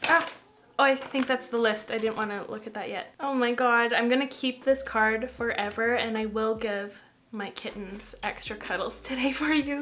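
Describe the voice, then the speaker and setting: A young woman from Canada, a makeup vlogger chatting casually on camera, bubbly and gushing with excitement. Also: on the high side, normal speed, background noise. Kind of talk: casual beauty vlog chat.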